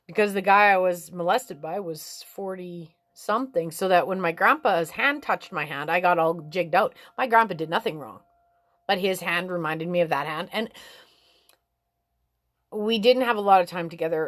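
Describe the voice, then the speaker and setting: A woman talking in a frank, rambling way about life and relationships, swearing freely and climbing high in pitch when she gets animated. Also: moderate pace, no echo, studio quality. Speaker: vlogger giving life advice. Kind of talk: casual spiritual chat.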